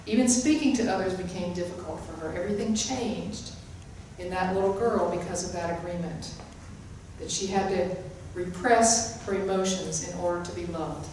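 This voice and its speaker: A woman's voice: fairly low pitch, normal speed, darkish tone, slight background noise. A woman giving a sermon-style spiritual talk, emphatic and repeating her key phrases. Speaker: spiritual teacher. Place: hall of a spiritual center. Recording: echoey room, mic at a distance.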